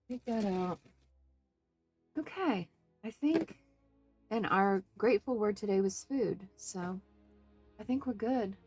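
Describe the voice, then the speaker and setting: In a casual crafting tutorial on art journaling, a woman with a mid-range, dark voice thinks out loud and talks to her viewers. She is fussy about the details and keeps second-guessing herself.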